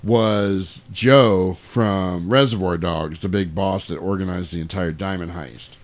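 A man's voice: deep voice, a little slow. A man recapping a movie in casual chat, breaking into exaggerated character voices and laughing as he goes. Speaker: podcast co-host recapping a movie.

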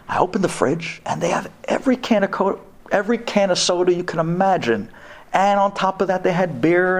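A rabbi telling a humorous personal story in a Torah talk, animated and acting out the dialogue. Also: male voice, on the high side.

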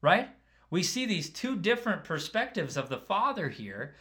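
Conversational preacher man, fairly high voice. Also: big pitch swings, normal speed. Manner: conversational, keeps asking "right?", drops quieter for asides. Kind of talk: casual sermon.

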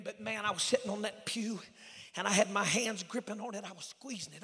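A high, bright-toned man preaching a revival sermon. His voice is gravelly and husky, shouting one moment and dropping to a near hush the next. A long church reverb trails every phrase. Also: a little fast. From Oklahoma. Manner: swings from shouted exhortation to hushed storytelling. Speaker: evangelist. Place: church sanctuary.

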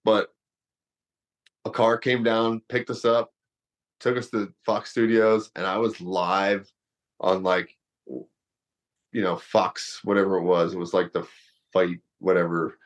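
A man's voice: low-pitched, little pitch movement, unhurried, long pauses. A man in his thirties, a former wrestler and fighter, telling a long story casually with many fillers. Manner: rambling, lots of fillers, laughs through story.

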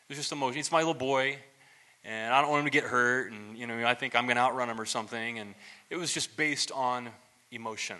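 A man, a pastor, giving a conversational sermon, telling stories with relaxed restarts, asides and self-deprecating humor. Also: medium pitch, quick pace.

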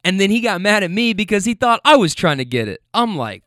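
A man's voice: high voice, fairly quick, few pauses, dry recording, studio quality. A young man casually telling a funny story about his passengers, acting out their lines and laughing as he goes. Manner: animated, acts out the passengers' voices with quoted lines and laughs.

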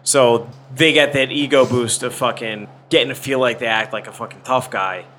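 Man, mid pitch, blunt swearing podcast talk, faint hiss. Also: steady tone, moderate pace, sharp tone. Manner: blunt, profane analysis. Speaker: podcast co-host. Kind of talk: casual chat.

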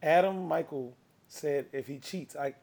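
A man hosting a podcast, steering the talk and telling a story in lively, animated banter. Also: fairly high pitch, measured pace, creaky. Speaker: podcast host.

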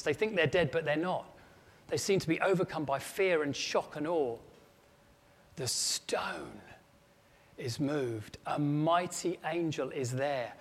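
A man preaching a storytelling sermon with dramatic rising emphasis. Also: medium pitch. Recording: long echo of a large hall.

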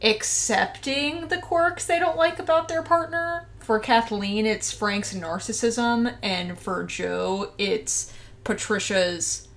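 A woman's voice: a little high, takes it slowly. Emphatic woman gushing about a film. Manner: enthusiastic, emphatic, dwells on words. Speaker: podcast co-host. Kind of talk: casual film discussion.

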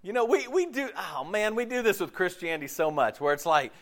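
A man delivers a relaxed, chatty sermon in a somewhat high voice that leaps and dips all over. He laughs easily, trails off and restarts his sentences, and drops into playful voices. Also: brisk. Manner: animated, laughs often, jumps into playful voices; loose, self-interrupting, many fillers. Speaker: preacher. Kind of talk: casual conversational sermon.

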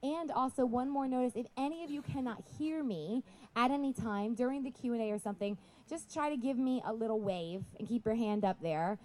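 A woman with a high, bright-toned voice addresses a festival crowd through a PA microphone. She pushes her voice loud so the back rows can hear, breaking off for friendly asides. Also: a little fast. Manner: projecting loudly to reach the back; chatty, apologetic asides. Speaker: speaker at a Christian festival. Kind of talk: live talk to an audience.

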